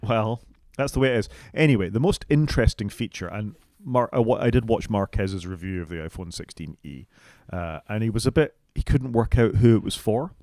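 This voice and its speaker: A man co-hosting a casual tech podcast, measured and dryly sceptical. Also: on the low side, darkish tone, no room sound, clean studio sound. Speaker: podcast co-host.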